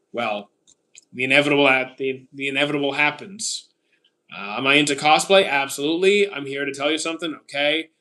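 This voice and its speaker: A man's voice: medium pitch, bright, forceful tone. A man in his thirties from Canada, casually reading out viewer questions on a livestream and answering them briefly, with frequent "uh"s. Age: 30s. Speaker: streamer answering chat.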